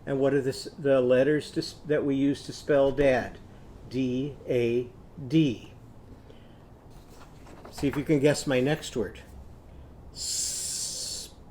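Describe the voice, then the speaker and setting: A man teaching a children's phonics lesson, patiently sounding out words slowly for young learners. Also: mid-range voice, steady tone, mellow, a little hiss or hum. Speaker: literacy teacher.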